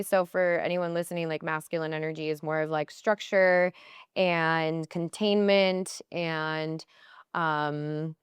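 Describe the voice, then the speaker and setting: A woman guest on a podcast, telling personal stories in casual talk, often quoting herself and others in high, playful voices. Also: steady tone, slow, clear, resonant tone, dry recording. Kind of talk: conversational interview storytelling.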